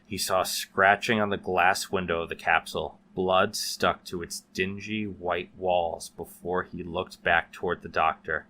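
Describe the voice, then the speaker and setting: Low-voiced male horror narrator. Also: fairly even intonation, unhurried, few pauses, sharp tone, a little hiss or hum. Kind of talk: scripted horror story narration.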